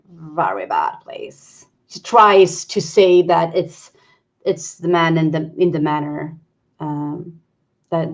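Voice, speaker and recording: A woman player describing her character's actions in a tabletop game, on dull lo-fi audio. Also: low voice.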